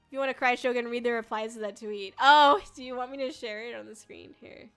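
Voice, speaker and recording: A woman's voice: a little high, fairly even intonation, a little fast, fairly bright tone, smooth, soft background music. A young woman streamer chatting casually with her viewers, bubbly and giggly, with lots of filler words. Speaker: VTuber streamer. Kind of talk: casual livestream chat with viewers.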